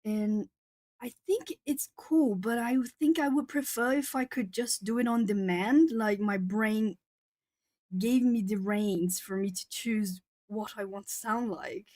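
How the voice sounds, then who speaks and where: A woman's voice: medium pitch, a little slow, darkish tone, no room sound. A young woman chatting casually with viewers and reading their comments aloud; she laughs often and repeats or restarts words. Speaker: art channel host.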